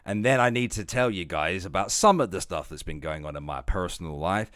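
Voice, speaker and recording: Talking a little fast on a livestream, a man rambles profanely, bursting out loudly one moment and muttering low the next. The sound is clean and studio-like, with no room sound.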